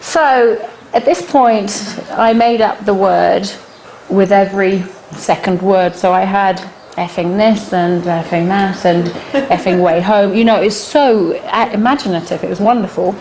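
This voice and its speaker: A middle-aged woman teaching a workshop, telling a personal anecdote to the group with lots of laughter and sudden high-pitched punchlines. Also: a little slow, slight background noise. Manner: lively, laughing storyteller who jumps high in pitch at punchlines. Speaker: animal communication workshop teacher. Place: workshop room with a small audience.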